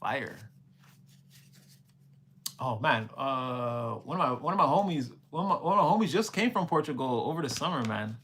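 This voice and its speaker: A man's voice: medium pitch, lively intonation, moderate pace, pauses often, fairly bright tone. A young man, rambling casually on a livestream as a spiritual reader, repeating himself and exclaiming often. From Canada. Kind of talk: casual livestream reading and chat.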